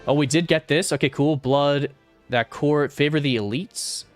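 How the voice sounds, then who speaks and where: A man's voice: fairly high pitch, normal speed, no echo, soft background music. A young man streaming a strategy game, casually thinking aloud through his moves and muttering calculations, now and then flaring into exasperated rants. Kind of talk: casual gameplay commentary.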